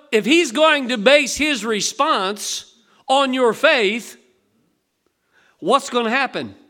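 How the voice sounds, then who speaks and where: A man's voice: extremely high pitch, bright, forceful tone. An older man preaching a sermon in a folksy, conversational way, asking the congregation rhetorical questions. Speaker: pastor.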